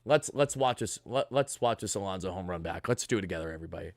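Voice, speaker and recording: A man's voice: low-pitched, animated, fast, gravelly, no room sound, clean studio sound. A man hosting a live postgame stream, hyped and thanking donors one after another. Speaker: sports channel host.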